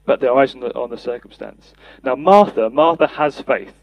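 A man's voice: medium pitch, normal speed, gravelly, no echo, highs cut off. A man preaching a sermon, earnest, reading and acting out scripture quotes for a podcast. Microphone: podcast mic.

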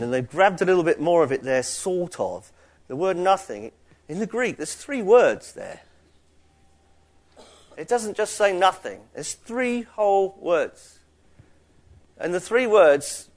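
A man, a pastor preaching a conversational sermon that rises in emphasis on key points. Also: on the high side.

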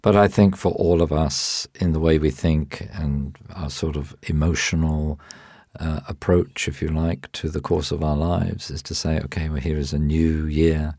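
A man answering interview questions as a Bible teacher, explaining in a measured way with frequent ums and restarts. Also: extremely low pitch, steady tone, darkish tone, no room sound, studio quality.

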